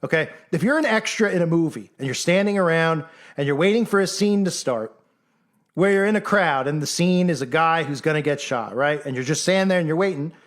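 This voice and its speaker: A commentator with a slightly high, expressive voice speaks a little fast in a combative, mocking monologue. He fires off rhetorical questions and acts out his critics in mock voices.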